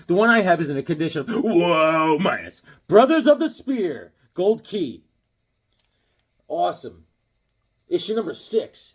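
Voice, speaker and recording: A man's voice: a little high, husky. A man chatting casually while showing comics, telling dad jokes and rambling stories. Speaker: comic collector.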